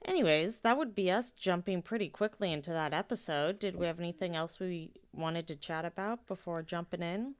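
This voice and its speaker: Woman co-host, tired, self-mocking chat, smooth low-ish voice. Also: fairly quick, hardly any pauses. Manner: laughs often, self-mocking. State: tired after a fall. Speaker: podcast co-host. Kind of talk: casual chat. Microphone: headphones, one ear on.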